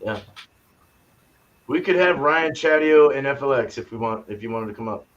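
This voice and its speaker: A man's voice: mid-range voice, lively intonation, normal speed. A man hosting a live online panel, upbeat and inviting others to join. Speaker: host. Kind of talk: casual chat. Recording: dull lo-fi audio with faint noise.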